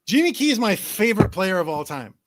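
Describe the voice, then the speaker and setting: A man's voice: high-pitched, big pitch swings, brisk. A man appearing as a guest on a sports podcast, telling eager stories in casual chat.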